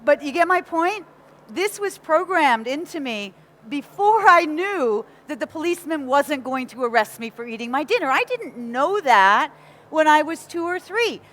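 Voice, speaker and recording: High voiced woman, north american accent, giving a motivational talk to a crowd, lively and chatty. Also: moderate pace. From Nottingham, England. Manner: lively, engages the audience with questions. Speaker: motivational speaker. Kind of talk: talk to a live audience.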